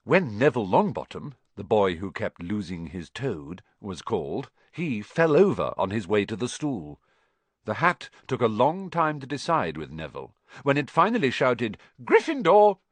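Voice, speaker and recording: This audiobook narrator, a man, delivers the story with lots of animation and expression, letting his pitch rise and fall freely. He speaks at a normal speed. It's a close, dry recording without room sound.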